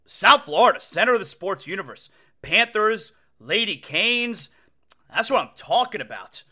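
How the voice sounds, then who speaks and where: An excitable male sports talk host riffing on his own show, his voice sitting high and swinging all over the place. His tone is bright and forceful, and he repeats himself and restarts sentences as the thoughts pile up. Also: moderate pace, husky. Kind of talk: casual sports talk monologue. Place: home.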